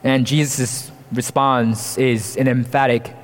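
A man's voice: mid-range voice, little pitch movement, moderate pace, hardly any pauses, in a large hall. A man preaching a sermon in an earnest, expository way, asking the congregation rhetorical questions.

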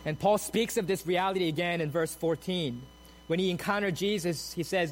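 A man preaching a sermon, moving from steady explanation of the text to emphatic, soaring repeated phrases. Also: high voice, moderate pace, rough recording. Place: church sanctuary.

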